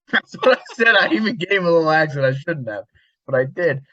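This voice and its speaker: A man's voice: fairly high pitch, expressive, fairly quick, bright, forceful tone, no echo. Rambling, laughing man on a dull, dry line. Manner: rambling storyteller, laughs often, swears casually. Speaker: podcast co-host. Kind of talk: casual chat.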